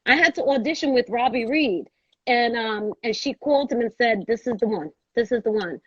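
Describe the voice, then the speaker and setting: New woman, high and dry. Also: moderate pace, breathy edge, dry recording, highs cut off. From Brooklyn, New York. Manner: animated storyteller acting out the people she quotes. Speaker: guest. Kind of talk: casual storytelling interview.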